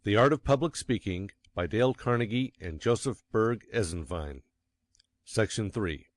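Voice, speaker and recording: A man reading a nonfiction book aloud as an audiobook narrator, measured and stressing key words. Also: fairly low pitch, expressive, no echo. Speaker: audiobook reader. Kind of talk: scripted narration.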